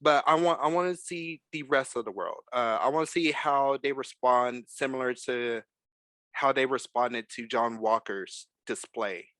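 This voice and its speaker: A man hosting a casual podcast chat, talking in an animated, emphatic way. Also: mid-range voice, unhurried, no echo. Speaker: podcast host.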